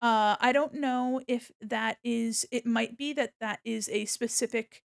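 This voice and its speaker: A young adult woman hosting a charity live stream, gushing and excitable, often laughing as she thanks donors. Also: a little high, unhurried, vocal fry. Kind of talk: casual live-stream chat.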